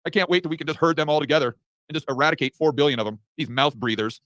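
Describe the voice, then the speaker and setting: A man's voice: on the high side, rapid-fire, a bit bright, dry recording, lightly acted. A man doing a gloating scheming elite villain. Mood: sneering. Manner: gloating, sneering. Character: smug scheming male elite villain mocking the public.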